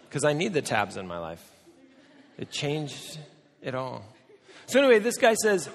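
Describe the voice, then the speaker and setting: American guy preaching, kinda high voice, joking around with the crowd, big hall echo on it. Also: big pitch swings, normal speed. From United States. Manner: conversational, joking asides to the audience. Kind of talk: sermon with humorous storytelling. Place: large church or conference hall. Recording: long hall reverb.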